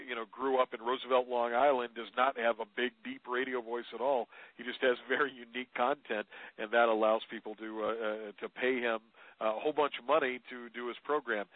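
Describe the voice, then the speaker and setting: A man explains media skills in a relaxed, advisory way, repeating his key points for emphasis. His voice comes through a tinny, narrow phone line. The sound is close and dry. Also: medium pitch, no echo. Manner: conversational, advisory, emphatic repetition. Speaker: media trainer guest. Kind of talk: teleconference interview answers.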